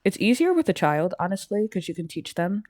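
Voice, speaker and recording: A woman casually commenting on her life-sim gameplay, chatty and rambling, filling gaps with "like". Her pitch sits in a middle range. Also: sing-song, a little fast, darkish tone, no echo, studio quality. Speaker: gaming YouTuber.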